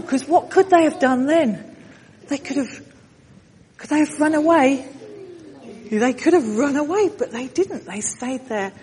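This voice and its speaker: Woman storyteller for a church congregation, high bright pitch, lively and directive, long hall reverb with faint noise. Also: unhurried, pauses often. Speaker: children's talk leader. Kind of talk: storytelling with audience participation.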